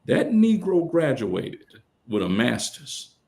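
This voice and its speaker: A middle-aged man holding forth as a podcast guest. His pitch swings between loud bursts and hushed asides. He tells colloquial stories and acts out what other people said. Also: very animated, slow pace. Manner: colloquial, quotes others in character. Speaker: guest speaker. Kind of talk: casual storytelling on a podcast.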